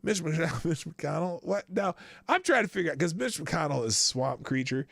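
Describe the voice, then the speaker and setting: A man hosting a live political commentary show, his voice rough and gravelly and slightly high. He talks in a sarcastic, rambling way, swearing freely and restarting his sentences, with a very animated melody. The sound is dry and close, with almost no room echo. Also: moderate pace.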